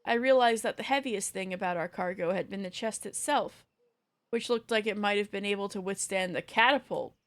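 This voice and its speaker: A woman's voice: mid-range voice, brisk. Woman streamer reading a story aloud. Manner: casual, joking asides between reading.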